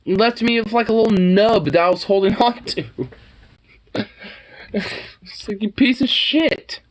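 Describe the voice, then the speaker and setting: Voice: medium pitch, measured pace. A streamer in loose, profane, laid-back casual chat while playing a game.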